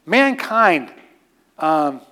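Man, preacher, fairly high voice, conversational sermon, repeats words for emphasis. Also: big pitch swings, extremely slow, pushed and bright. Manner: emphatic, repeats phrases for stress; conversational asides and fillers. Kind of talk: sermon teaching.

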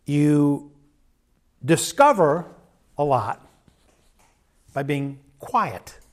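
Middle-aged male preacher, fairly high voice, measured and earnest delivery. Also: very animated. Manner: measured, earnest, with quoted asides. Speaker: pastor. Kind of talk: sermon.

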